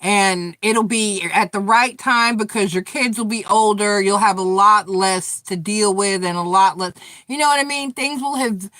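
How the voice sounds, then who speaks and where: On a dry recording, a middle-aged woman with a mid-range, slightly bright voice hosts a relaxed live tarot chat. She's straight-talking and chatty, speaking directly to viewers and swearing frequently.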